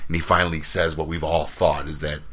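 A man's voice: rumbling low, little pitch movement, brisk, a bit bright. A man co-hosting a casual sports podcast, joking around and laughing often. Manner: laughs often, jokey, does voices from movies. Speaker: podcast co-host.

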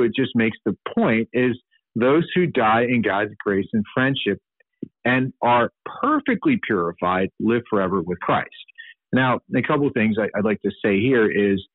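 Low, husky man on a phone-like line. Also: dry recording. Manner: earnest, many fillers and restarts. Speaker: Catholic podcast host. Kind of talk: unscripted teaching commentary. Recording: dry, phone-like sound.

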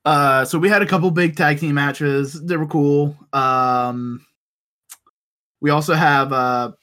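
Relaxed man recapping with amused asides. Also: a little high, slow. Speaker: podcast co-host. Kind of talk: casual chat.

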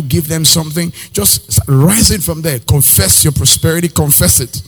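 A man preaching a sermon in a Nigerian accent, animated, acting out little scenes and slipping into pidgin phrases. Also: a little high, moderate pace, hardly any pauses, slightly rough, soft background music. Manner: animated preaching, acts out characters, slips into pidgin. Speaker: pastor.

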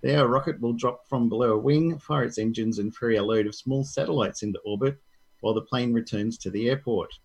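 A man's voice: medium pitch, a little fast, vocal fry, a little mellow, breathy edge, poor audio. A man co-hosting a casual tech news podcast, reading articles aloud and joking with his co-host.

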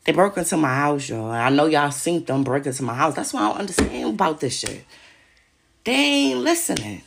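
Gravelly-voiced woman ranting, profane and agitated. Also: deep voice, expressive, fast talker, noisy background. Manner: agitated, profane, repeats herself. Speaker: podcast host. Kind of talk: casual monologue to listeners. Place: home.

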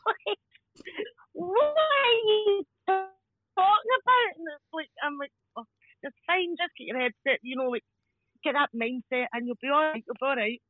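A Scottish woman telling stories casually as a podcast guest, animated and laughing often as she acts out voices. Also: high voice, fairly quick, dry recording, faint music behind. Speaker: podcast guest, crime scene cleaner. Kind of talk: casual storytelling chat. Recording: dull lo-fi dry sound.

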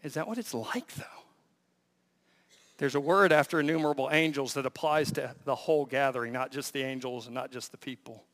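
A man preaching a sermon as pastor, full of rhetorical questions and swinging between loud emphasis and hushed lines. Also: medium pitch, fairly quick, in a large hall.

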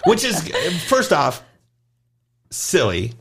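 Man, middle-aged, gymnastics coach, podcast co-host, casual storytelling, animated, acts out quoted voices. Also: on the high side, slow, breathy edge.

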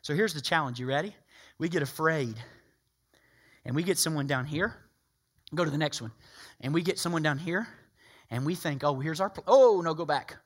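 A man preaching a sermon, emphatic and animated, acting out people's voices. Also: on the high side, normal speed, pauses often.

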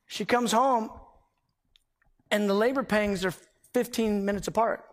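A man preaching a sermon, emphatic and animated as he tells a personal story. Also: sits high, measured pace, pauses often. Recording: long hall reverb.

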